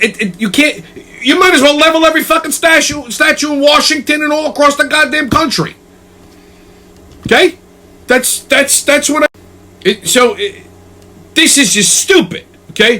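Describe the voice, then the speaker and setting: High-voiced ranting male host. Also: pushed and bright. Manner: profane, exasperated, keeps tagging "okay?". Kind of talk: ranting comedic commentary.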